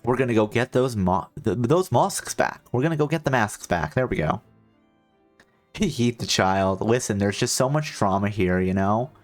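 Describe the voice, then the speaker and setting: A man's voice: lowish voice, moderate pace, soft background music. A man streaming a video game, chatting casually and rambling into joking asides to his chat. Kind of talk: casual let's-play chat.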